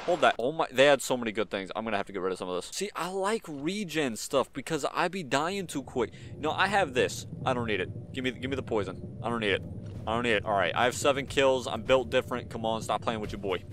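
Young male gaming creator, very animated pitch, slangy hype commentary, faint game noise under. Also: a little fast. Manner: hyped, slangy, jumps from mumbling to sudden yelps. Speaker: gaming YouTuber. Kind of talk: excited gameplay commentary.

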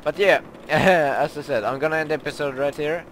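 A young man, commenting on his own video game play, who gets excitable and yelps and shrieks when startled. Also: a little high, moderate pace, slight background noise. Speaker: gaming YouTuber.

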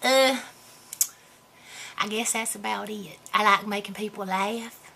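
A woman's voice: medium pitch, fairly even intonation, unhurried, vocal fry, pushed and bright, husky, full character voice. A woman doing a goofy drawling gal. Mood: playful. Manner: rambling, self-mocking, folksy grammar. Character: goofy, boastful rural hillbilly woman. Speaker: vlogger answering viewer questions. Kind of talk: comedic character vlog.

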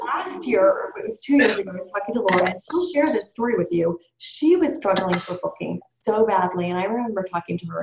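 An upbeat woman coaches her sales team through a call, chatty and direct. Her voice sits at a middle pitch. The audio is roomy and a little dull, with a faint hiss behind it. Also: animated, moderate pace, gravelly. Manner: upbeat, coaching tone, addresses group as you guys. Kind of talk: training call talk. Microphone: call or webinar.

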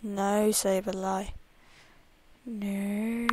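Chatty woman gamer over loud noise. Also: on the high side, normal speed. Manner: reads in-game dialogue aloud, chatty asides. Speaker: let's play gamer. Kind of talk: casual game commentary.

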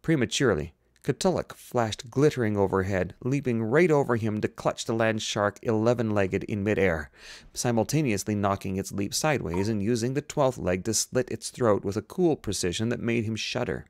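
A man with a lowish voice reads a science fiction novel aloud at a moderate pace for an amateur audiobook, sometimes halting to redo a line he slipped on. The recording is clean studio sound with no room sound.

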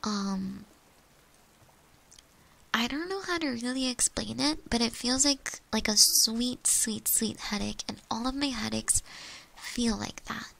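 A young woman streamer telling casual rambling stories during an ASMR stream, swearing freely and slipping into soft whispers. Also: on the high side, slow pace, gravelly. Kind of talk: chatty ASMR stream storytelling.

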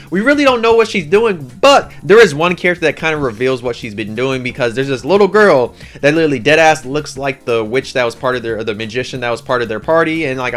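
Fast-talking, slangy man reviewing anime. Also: medium pitch. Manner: slangy, excitable, rambling storyteller. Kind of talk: casual anime commentary.

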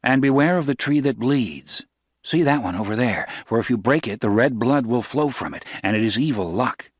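A man voicing a tense young Mexican pearl diver in an audiobook reading, with grave, measured speech. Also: medium pitch, animated, husky, no room sound, studio quality.

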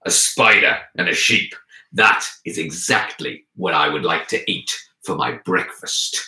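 A hungry, menacing lion, as a man voices it, greedy and booming. The voice sits low and forceful, and the recording sounds roomy. It comes from a storybook tale. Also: unhurried, exaggerated voice.

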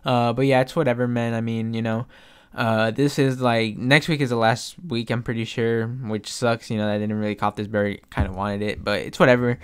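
Excitable young man, smooth voice. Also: mid-range voice, moderate pace. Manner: excitable, swears a lot, keeps saying "bro". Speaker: streetwear vlogger. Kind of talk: casual live commentary.

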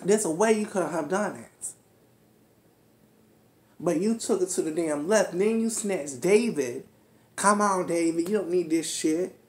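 A woman in her twenties ranting about a TV episode in a brash, profane, animated way. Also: lowish voice. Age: 20s. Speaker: reality show recap host. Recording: echoey room.

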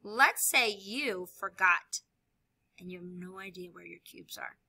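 A woman teacher explaining a lesson while she demonstrates with objects, upbeat and clear. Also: medium pitch, unhurried, pushed and bright. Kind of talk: classroom video lesson.

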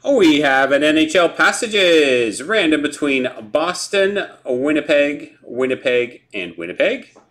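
A man's voice: a little high, sing-song, a bit bright. Man calling out hockey card pulls. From Canada. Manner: brisk listing of player names and teams, chuckling over names. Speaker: card break host. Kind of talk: live sports card break, calling out pulls. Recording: noisy room with card-pack crinkling.

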